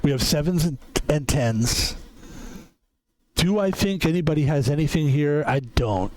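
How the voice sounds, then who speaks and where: A man's voice: on the high side, a little mellow. A middle-aged man streaming a poker game, chatting in a rambling, self-correcting way and swearing casually. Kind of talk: casual chat while playing poker.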